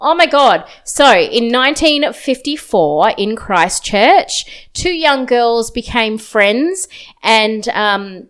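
A woman co-hosting a podcast, telling stories in a lively, laughing way. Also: on the high side, slow pace, smooth. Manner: animated storyteller, laughs often. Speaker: podcast co-host. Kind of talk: casual storytelling chat.

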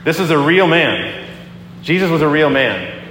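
A man preaching a sermon as a pastor, talking in a conversational, animated way as he tells a story and acts out the quotes. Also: on the high side, unhurried, a little hiss or hum. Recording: echoey hall with long reverb.

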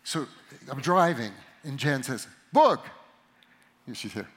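A middle-aged man giving a sermon to a live audience, telling a story about himself with animated, self-mocking humor. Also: mid-range voice, normal speed. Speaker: pastor or conference speaker.

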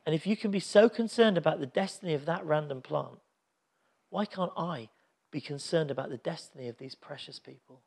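A man preaching speaks as a patient, compassionate divine father figure, reasoning gently and earnestly. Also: on the high side, gravelly.

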